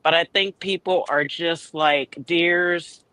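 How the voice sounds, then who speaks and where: A man on a panel, speaking earnestly and in a measured way. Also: fairly high pitch, fairly even intonation, bright, forceful tone, clean tone, dry recording, low-quality recording. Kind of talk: casual panel chat.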